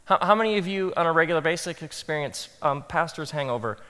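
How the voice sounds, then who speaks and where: A man speaking as a pastor to a live audience, telling animated stories and acting out his own thoughts in soft asides. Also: on the high side, fast, clean tone, big-room sound. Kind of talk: talk to pastors, animated storytelling.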